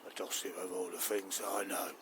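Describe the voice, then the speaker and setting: A man voicing a sly, blackmailing talking dog in a low, hushed half-whisper. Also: level tone, noisy background, lightly acted. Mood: scheming. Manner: smug, scheming, drawn-out. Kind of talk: improvised comedy.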